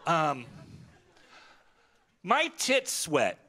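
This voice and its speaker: A man's voice: a little high, wildly swooping pitch, drawn-out words, background noise. A man in his forties doing a crude, self-mocking stand-up set on a festival stage. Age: 40s. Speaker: stand-up comedian. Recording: live stage recording with crowd. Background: audience laughter.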